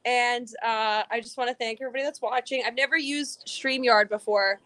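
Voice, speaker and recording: Bright, playful woman comic. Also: a little high, fairly even intonation, fairly quick. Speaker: stand-up comedian. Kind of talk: casual stand-up set. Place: at home on a video stream.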